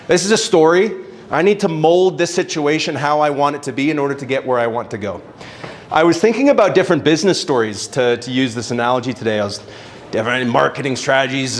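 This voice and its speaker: A young adult man telling a casual, animated story as a speaker at a networking event, swearing now and then. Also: mid-range voice. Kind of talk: storytelling talk on stage. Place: event venue with live audience.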